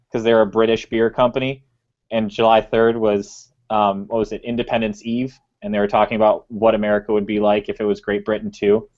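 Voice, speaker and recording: Animated man telling a side story. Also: medium pitch. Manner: animated, laughing asides. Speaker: panelist. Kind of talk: casual video panel chat. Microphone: video call. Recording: lo-fi video call audio.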